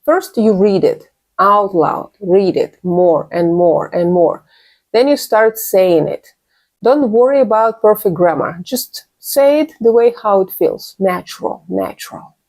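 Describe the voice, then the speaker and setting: A woman gives an English lesson in a clear, patient voice. She says each example phrase twice and stresses it so learners can copy it. Her pitch sits in an ordinary middle range. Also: lively intonation, slow, a little mellow. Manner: clear, patient teaching with repeated model phrases. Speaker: English teacher.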